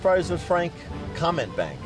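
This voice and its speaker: A man's voice: a little high, wildly swooping pitch, a little slow, faint music behind. A man working as a sheriff's deputy, hamming up a pirate joke while talking to a driver at a roadside stop. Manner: playful, hamming up a pirate bit. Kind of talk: on-duty video talk to a driver.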